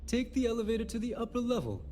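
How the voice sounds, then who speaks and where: A man voicing a self-assured pirate-crew money handler in a video game, speaking in a smooth, smug, explanatory way. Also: very high voice, big pitch swings, fast, mellow, slight background noise.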